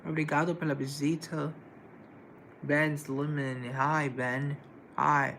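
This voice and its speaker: Live stream host, male, gravel in the voice, chatty and easygoing with viewers, faint hiss behind him. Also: on the high side, flat delivery, slow pace, a bit bright, rough recording. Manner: chatty, greets viewers and answers chat comments. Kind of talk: casual live stream chat.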